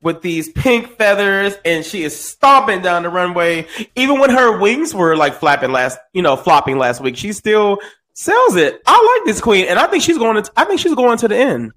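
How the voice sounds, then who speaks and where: A man's voice: sits high, moderate pace. A man co-hosting a podcast, giving casual, playful reality-show recap commentary. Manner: animated, playful banter. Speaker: podcast co-host.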